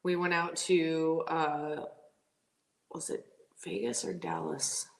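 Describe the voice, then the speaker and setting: A woman race car driver, a podcast guest, telling stories in a lively, laughing way with lots of "like" fillers. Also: sits low, slow. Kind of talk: casual storytelling interview. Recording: roomy echo.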